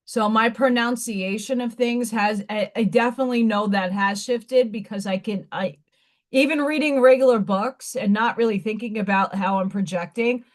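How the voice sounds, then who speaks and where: A livestream host from Staten Island, New York, whose accent has faded, chats casually in a fairly high voice at a moderate pace. She's blunt and rambling, frequently restarting her sentences.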